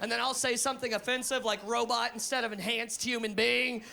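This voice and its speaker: A young adult man doing a live stand-up routine on a comedy stage, animated and profane, bursting into shouted punchlines. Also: extremely high pitch, brisk, gravelly.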